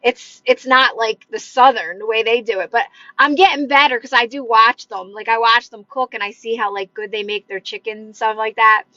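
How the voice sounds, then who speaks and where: This manifestation coach talks to her livestream viewers at a normal speed with few pauses, her voice on the high side, fairly even in intonation, pushed and bright. She's friendly and encouraging, says "like" a lot, and talks with her hands while answering comments. The phone audio has no echo but the highs are cut off.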